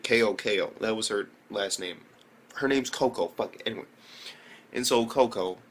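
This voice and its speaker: A young man giving a casual, profane review of an episode, full of slang and sudden high exclaimed reactions. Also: a bit bright, breathy edge. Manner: heavy swearing and slang, jumps into high-pitched exclaimed reactions. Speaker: anime reviewer.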